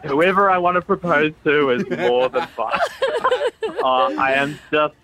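A man calling in to a radio show, excited and laughing, halting with fillers. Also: fairly high pitch, crowd noise. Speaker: radio caller, contest winner. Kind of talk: phone-in chat.

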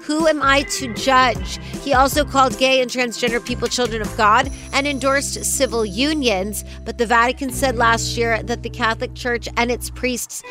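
A woman's voice: on the high side, steady tone, moderate pace, hardly any pauses, over music. A woman co-hosting a morning talk show, chatting with a bubbly, laughing manner and reading news items. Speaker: radio show co-host.

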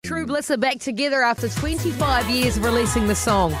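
A woman with a New Zealand accent hosting a casual radio chat, chatty and quick to laugh. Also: on the high side, music in the background. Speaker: radio host. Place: radio studio.

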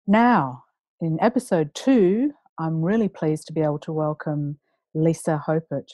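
A woman's voice: low-pitched, unhurried, warm tone, no room sound. A woman hosting a podcast, introducing her guest in an upbeat, chatty way. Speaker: podcast host. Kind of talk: casual podcast interview.

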